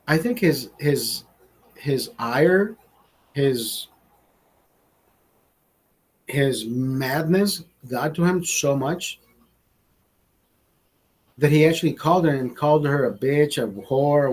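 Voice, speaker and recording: Husky-voiced man telling a profane story. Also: fairly high pitch, slow pace, long pauses. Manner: profane, rambling, animated storytelling. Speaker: livestream host. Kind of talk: casual storytelling.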